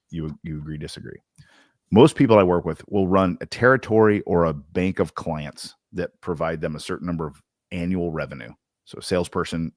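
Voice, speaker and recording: A man's voice: deep voice, no room sound, studio quality. A man co-hosting a sales podcast, chatting casually with a Southern Indiana accent, full of slang and restarts. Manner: loose, animated, with slang and many restarts. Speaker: podcast co-host.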